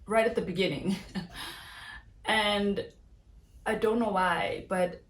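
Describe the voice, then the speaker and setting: A woman's voice: medium pitch, fairly even intonation, slow pace. Frustrated woman venting in an echoey room. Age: 30s. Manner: earnest, restless, searching for words with many restarts. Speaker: vlogger. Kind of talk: casual direct-to-camera vlog. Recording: echoey room with faint background noise.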